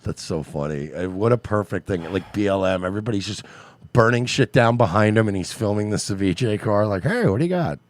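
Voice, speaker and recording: A man's voice: on the low side, brisk, dry recording. A man co-hosting a podcast in crude, profane comedic banter. He laughs often and slips into mock voices. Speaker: podcast co-host.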